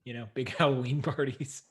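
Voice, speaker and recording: A man at home hosting a relaxed livestream chat over a video call. He talks in an easygoing, rambling way, laughs a lot, and restarts his sentences as he goes. His voice sits at a medium pitch. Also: moderate pace. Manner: chatty, laughs often, trails off in restarts. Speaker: livestream host.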